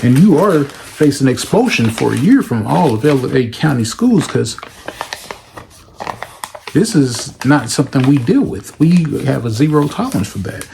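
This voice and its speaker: A man's voice: medium pitch, big pitch swings, normal speed, vocal fry, darkish tone, slight background noise, rough recording. A man playing a formal, cautious school principal who talks politely and hesitantly with many ums. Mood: stern.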